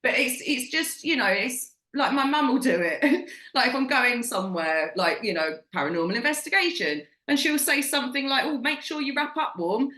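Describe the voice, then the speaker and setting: Podcast co-host: British woman, forties, emphatic and blunt, bright tone, roomy sound. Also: fairly high pitch, animated, normal speed. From Britain. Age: 40s. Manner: blunt, emphatic, swears freely. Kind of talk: casual chat.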